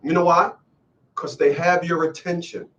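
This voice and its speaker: A man's voice: fairly high pitch, steady tone, normal speed, a bit bright, distant mic, lo-fi sound. A man hosting a call-in show, lecturing emphatically and repeating lines for effect. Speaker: radio call-in host. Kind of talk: preachy call-in commentary.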